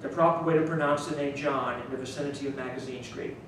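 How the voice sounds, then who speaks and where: A man's voice: mid-range voice, fairly even intonation, fast talker, fairly bright tone. Rambling New Orleans man in an echoey room. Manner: rambling, chuckling, stops and restarts. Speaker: author. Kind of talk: casual talk to a small audience. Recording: echoey room miked from a distance, noise.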